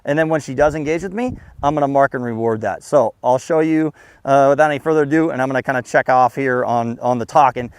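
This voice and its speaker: A man demonstrating dog training, talking through his method in a relaxed, casual way. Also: fast talker, smooth, no echo. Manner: relaxed explaining, breaking into high excited calls to the dog.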